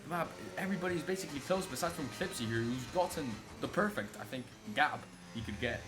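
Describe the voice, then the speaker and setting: A young man from Italy, an excitable race commentator on a live stream who swears freely and banters with chat. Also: a little high, fast, music in the background. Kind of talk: live sim racing commentary. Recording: noisy stream audio.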